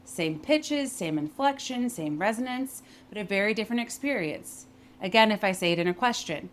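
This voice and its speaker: A young adult woman teaching workplace communication in a clear, emphatic way, modeling pitch and phrasing as she explains. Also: animated, normal speed, slight background noise. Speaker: voice and communication coach. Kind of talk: instructional talk with spoken demonstrations.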